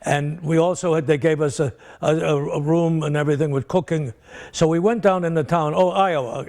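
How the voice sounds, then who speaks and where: A man's voice: a little high, darkish tone. An older comedian being interviewed, telling rambling anecdotes about his career and acting out the people in them. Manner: rambling comic storyteller who acts out the people in his stories.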